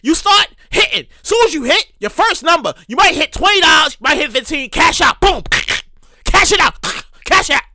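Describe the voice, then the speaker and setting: A person telling a casual story in a monologue, profane and animated, repeating phrases for emphasis. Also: high-pitched, normal speed, no room sound, studio quality.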